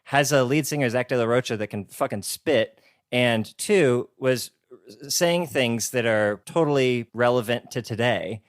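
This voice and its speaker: A man's voice: mid-range voice, a little slow, no echo, clean studio sound. A man in his thirties co-hosting a podcast, telling a story in a rambling, enthusiastic way. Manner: rambling, enthusiastic, restarts words. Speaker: podcast co-host. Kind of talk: casual chat.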